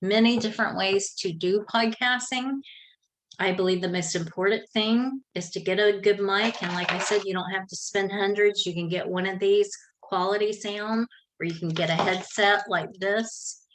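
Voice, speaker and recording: Speaking at normal speed in a mid-range, fairly even voice, a middle-aged podcasting coach from South Georgia shares casual how-to advice in a Southern drawl. She's chatty and folksy, correcting herself as she goes, from a home office with a fan running. The recording is rough, with slight background noise.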